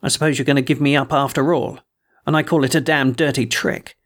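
A man putting on a surly, whining rough sailor. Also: medium pitch, fairly even intonation, fairly quick, a bit bright, natural voice.

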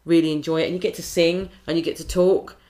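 A woman with a low, deep-set voice tells stories in relaxed interview chat. She is chatty and animated, slipping into quoted voices as she goes. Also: fast talker. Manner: chatty, animated storytelling with lively put-on quotes. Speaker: singer and compère.

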